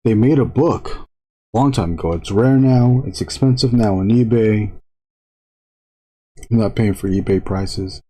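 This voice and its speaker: With a lowish, dark-toned voice, a man talks casually to viewers on a live stream while he draws. His chatter rambles, broken by frequent halting restarts.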